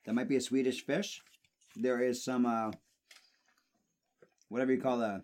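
A man with an everyday mid-pitched voice, chatting casually. He teases and riffs in a playful way. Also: level tone, moderate pace, darkish tone. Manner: playful, teasing. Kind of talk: casual chat.

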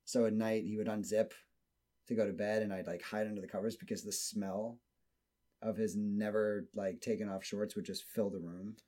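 A man's voice: fairly low pitch, moderate pace. A man telling a long story in a casual chat, swearing freely and acting out what people said. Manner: profane, animated storyteller who acts out quotes.

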